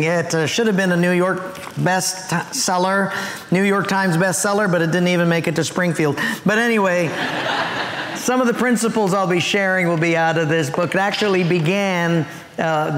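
A man's voice: high-pitched, moderate pace, long reverb tail, a little hiss or hum. A male pastor preaching a sermon to his church, telling humorous stories and acting out their voices. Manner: animated storytelling with acted voices and humor. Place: church sanctuary.

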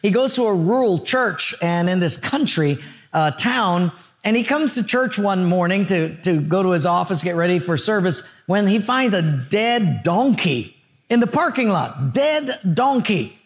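An older male pastor preaching a sermon, telling stories with lively character voices. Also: high voice, measured pace. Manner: storytelling with animated character voices.

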